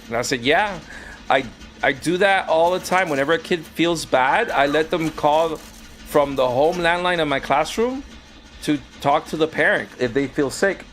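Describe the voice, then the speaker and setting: With faint music behind him, a man with a voice on the high side speaks at a normal pace while gaming. Once a teacher, now a streamer, he animatedly tells stories from his classroom days and mimics the people in them.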